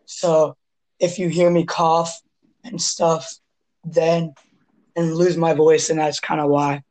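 A hoarse young man hosting a casual sports podcast, rambling and often clearing his throat. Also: a little high, little pitch movement, slow pace, a little mellow, poor audio. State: hoarse from asthma. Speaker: podcast host.

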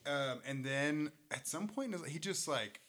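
Rambling young man laughing off dark stories. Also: a little high, animated, measured pace. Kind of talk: casual chat.

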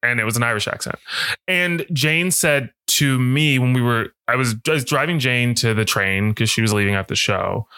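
A man co-hosting a casual movie podcast, telling stories in an animated way. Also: mid-range voice, normal speed, smooth, no echo, clean studio sound. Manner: animated, storytelling, puts on voices. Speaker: podcast co-host.

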